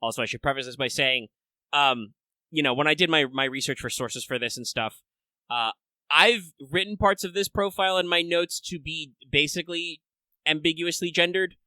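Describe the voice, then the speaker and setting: A man hosting a casual podcast in a forceful, bright voice, recorded close and dry. He rambles along, padding his talk with filler words and restarts as he explains things to his listeners. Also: on the high side, normal speed, dry recording. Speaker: podcast host.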